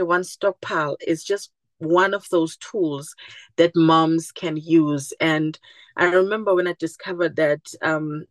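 A woman's voice: lowish voice, no room sound. A woman guest on a podcast interview, talking earnestly and animatedly, acting out the voices of people she quotes. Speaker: podcast guest, community group founder. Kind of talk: conversational interview.

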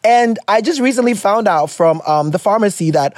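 A woman with a Ghanaian accent hosts a podcast in a loose, chatty way, laughing easily and dropping in Twi phrases. Her voice swings widely in pitch and is worn down by a sore throat. The sound is dry and close. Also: animated, normal speed, darkish tone, no echo. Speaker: podcast host. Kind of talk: casual chat.

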